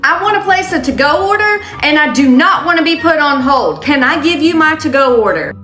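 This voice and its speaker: A woman voicing a pushy, entitled customer ordering over the phone, shrill and insistent. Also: expressive, fairly quick, a bit bright. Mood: demanding. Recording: roomy echo with music.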